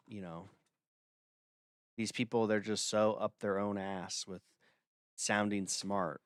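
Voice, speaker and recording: A man's voice: lowish voice, steady tone, takes it slowly, long pauses, clean tone, dry recording, studio quality. A man hosting a livestream, talking casually in a blunt, dismissive way with lots of filler words. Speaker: livestream host.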